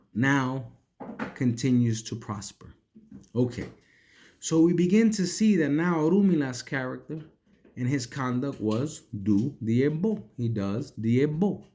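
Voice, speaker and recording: A man's voice: mid-range voice, dark tone. A man teaching spiritual lessons by retelling a sacred story, checking in with listeners with a frequent "right?" and repeating words as he rethinks a sentence.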